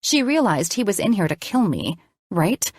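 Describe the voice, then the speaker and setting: A woman narrating a first-person audiobook in a measured, expressive storytelling voice. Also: mid-range voice, dry recording, studio quality.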